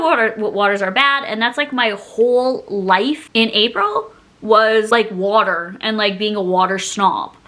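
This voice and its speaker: A young woman talks straight to her camera at home, rambling from one thought to the next. Her voice sits a little high and sounds bright and forceful, and she laughs often and pokes fun at herself. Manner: giggly, rambling, self-mocking. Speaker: beauty YouTuber. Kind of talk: casual chat to camera.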